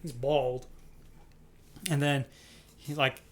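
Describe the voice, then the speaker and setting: A man co-hosting a casual podcast who tells stories in an animated way and acts out the quoted lines. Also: mid-range voice, slow pace. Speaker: podcast co-host. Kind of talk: casual chat.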